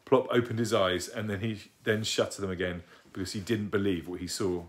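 Low-voiced man reading a children's story. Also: fairly even intonation, moderate pace. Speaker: narrator. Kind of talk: reading a children's book aloud.

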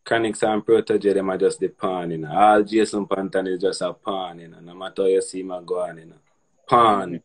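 A man with a Jamaican accent in casual chat, calm and agreeing. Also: low-pitched, brisk.

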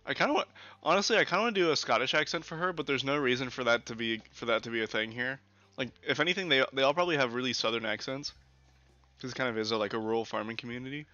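A man's voice: mid-range voice, racing, bright, forceful tone, no room sound. A man streaming a let's play, chatting and joking with his chat and swearing casually. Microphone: older desk mic. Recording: dull lo-fi mic. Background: faint game music.

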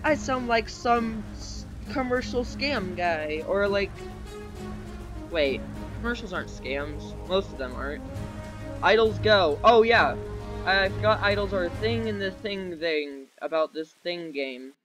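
Sitting at his home computer desk, a young gaming YouTuber records casual let's-play commentary on a desk microphone, rambling, joking at himself, and letting out nervous yelps for help. His voice is high, expressive, a little slow, and fairly bright, and the lo-fi audio carries faint game music behind it.

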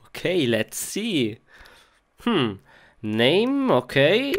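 Low-voiced woman muttering through a noisy sketch. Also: very animated, very slow. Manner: muttering to herself, bursting into frustrated shouts. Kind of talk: comedic sketch, talking to herself. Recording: noisy recording.

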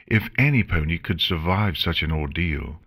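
A man reading an audiobook and voicing a gentle, regal female pony princess who speaks softly, kindly and formally. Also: deep voice, expressive, moderate pace, husky, full character voice. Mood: reassuring. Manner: soft, kindly, formal speech without contractions. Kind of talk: audiobook reading of fan fiction.

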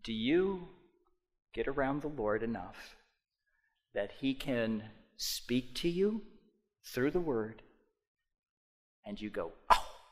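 A man preaching a sermon as pastor, speaking directly to the congregation and swinging from quiet asides to loud emphatic passages. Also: medium pitch, expressive, slow pace, pauses often. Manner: addresses congregation directly with repeated "okay?".

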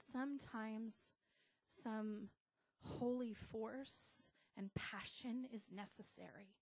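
Slow-speaking American woman pastor. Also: a little high, vocal fry, darkish tone. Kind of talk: casual sermon.

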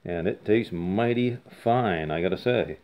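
A man's voice: low voice, measured pace. A man vlogging about old bottles in a folksy, rambling way, chuckling and telling jokes. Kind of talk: casual chat with jokes. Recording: slightly dull lo-fi sound.

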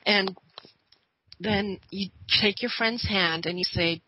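Guest, female, bright and clear, earnest storyteller, dry close sound. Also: medium pitch, takes it slowly, no echo, poor audio. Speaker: radio guest. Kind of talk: storytelling on a talk show.

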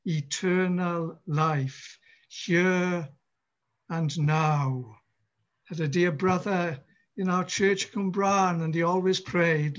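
A man preaching a sermon in a church, impassioned, with dramatic pauses and repeated phrases. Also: high-pitched, fairly bright tone, lo-fi sound. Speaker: pastor.

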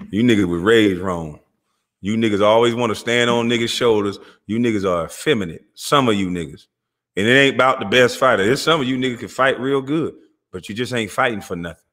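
A man with a lowish but fairly bright voice runs his own channel and delivers a confrontational, heated monologue in street slang. He repeats himself as he mocks and calls out the people listening.

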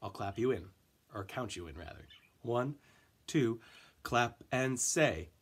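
A man's voice: medium pitch, lively intonation, takes it slowly. A man teaching an elementary music class, counting in and chanting rhythm syllables for the children to clap along.

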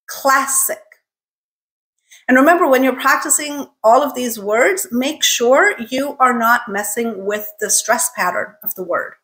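A woman with a high-ish, pushed, bright voice teaches English pronunciation. She carefully models every word three times so learners can repeat after her in drills.

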